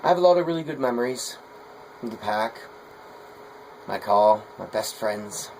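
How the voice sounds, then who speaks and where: A man's voice: lowish voice, animated, normal speed, a little mellow, poor audio. Middle-aged guy chatting while he works, folksy, rambly, faint ac hum behind. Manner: rambling, folksy, hesitant with fillers. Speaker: potter. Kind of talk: casual vlog talk while working.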